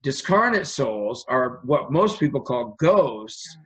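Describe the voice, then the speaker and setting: A man's voice: mid-range voice, sing-song, slow pace, fairly bright tone, breathy edge, rough recording. A man, a guest on an interview show, telling long stories in an earnest, rambling way. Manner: earnest, rambling, acts out quoted dialogue. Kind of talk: conversational storytelling.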